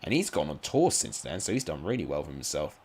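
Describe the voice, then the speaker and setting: A man's voice: very deep voice, big pitch swings, fast, darkish tone, slightly rough. A man giving casual live-stream commentary on simulated football matches, chatty and rambling, with asides to his viewers.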